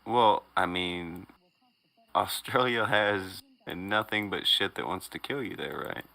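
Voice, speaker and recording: A man's voice: low-pitched, slow pace, gravelly, sharp tone, rough recording. A man co-hosting a podcast, teasing the others and running a joke into the ground in casual banter. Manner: teasing, repeats jokes. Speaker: co-host.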